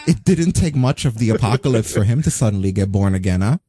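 Blunt, low, mellow-voiced man. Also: animated, quick pace, slightly rough, dry recording. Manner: blunt, sarcastic, swears freely. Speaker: podcast co-host. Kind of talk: casual opinionated chat.

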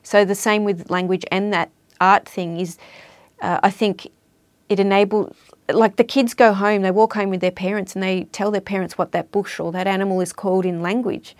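A woman's voice: mid-range voice, fairly even intonation, moderate pace, no room sound. A woman talking casually as an interview guest about language and culture, explaining things in a chatty way. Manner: chatty, explanatory, trails off at ends of points.

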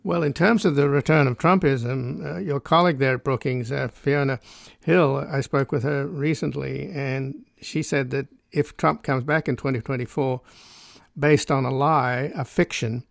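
Male radio host; gravelly, dry studio sound; asks long, probing questions. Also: mid-range voice, steady tone, moderate pace, no room sound. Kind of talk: radio interview.

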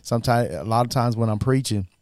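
A man's voice: mid-range voice, fast talker, dry recording, studio quality. A man who preaches, chatting casually about faith and chiming in with frequent affirmations. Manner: warm storyteller, frequent affirmations.

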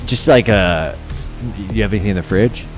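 A man voicing a shady, laid-back crypto hustler who stammers and dodges loudly. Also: lowish voice, moderate pace, soft background music, natural voice, low-quality recording. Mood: evasive. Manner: loud, stammering, evasive.

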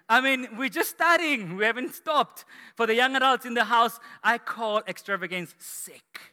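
A man preaching a sermon as pastor to his church, energetic and rising to shouts, from South Africa. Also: very high voice, normal speed. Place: large church hall. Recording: echoey church hall.

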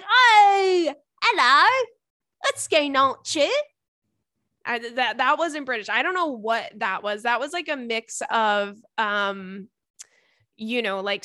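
A woman's voice: fairly high pitch, sharp tone, no room sound, clean studio sound. A young woman hosting a podcast in casual, chatty talk, reading listener emails aloud with lots of fillers and swearing. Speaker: podcast host.

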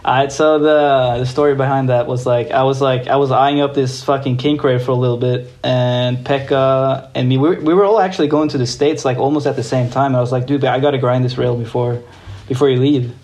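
A young man from Norway, a guest skateboarder, telling a story in a casual, excited way, swearing freely and using lots of fillers. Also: medium pitch, a little fast.

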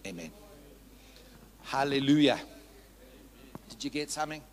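A man's voice: mid-range voice, animated, a little slow. A man preaching a sermon as pastor, fervent and candid, leading the congregation in call-and-response and sharing his own testimony. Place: church service. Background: piano music.

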